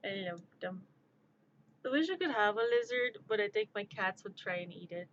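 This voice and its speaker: A woman's voice: mid-range voice, lively intonation, moderate pace, fairly bright tone, dull audio, slight background noise. A woman streamer chatting casually on a live stream, giggling and rambling, easily amused.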